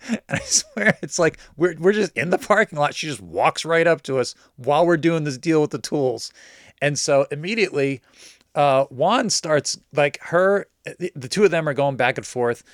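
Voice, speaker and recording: A man casually telling a personal story in a lively way, mimicking the people he quotes. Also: a little high, normal speed, no room sound, clean studio sound. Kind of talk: casual anecdote.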